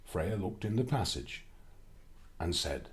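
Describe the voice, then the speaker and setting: Reading from a children's storybook, a man uses a fairly low voice and a slow, deliberate pace. His pitch moves dramatically as he brings energy and expression to the story.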